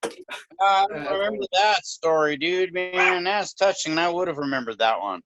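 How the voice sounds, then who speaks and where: A man's voice: high-pitched, lively intonation, normal speed, crowd noise. A man chatting as a podcast guest over a video call, laid-back and sympathetic, saying "you know" a lot. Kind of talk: casual chat. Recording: dry, dull lo-fi video call audio.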